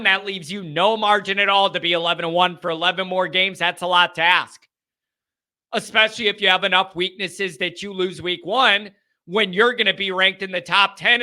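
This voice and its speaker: A man's voice: sits high, sharp tone. A man hosting a college football show, giving casual, emphatic commentary with a sarcastic edge.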